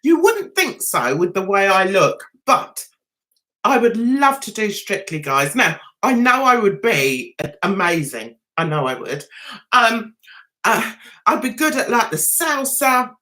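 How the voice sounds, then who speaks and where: A woman's voice: mid-range voice, bright, forceful tone. A woman hosting a casual livestream chat, getting over a throat cold, chatty and self-mocking as she greets viewers by name. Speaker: livestream host.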